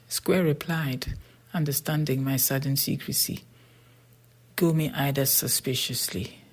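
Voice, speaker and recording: An audiobook narrator reading a science fiction story in a steady, plain storytelling manner, often half-whispered. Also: mid-range voice, measured pace.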